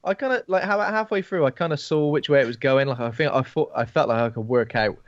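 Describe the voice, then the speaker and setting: A man of medium pitch chats on a film podcast and acts out the characters' reactions as he goes. His voice is recorded dry, with no room sound around it. The mic sounds a bit dull and muffled. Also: fast, no room sound. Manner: animated storyteller, acts out reactions. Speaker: podcast co-host. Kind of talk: casual film chat.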